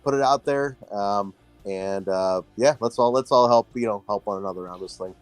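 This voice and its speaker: A man's voice: lowish voice, normal speed, faint music behind. A man co-hosting a casual late-night stream chat, laid-back and swearing freely, sometimes drawling. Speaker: podcast co-host.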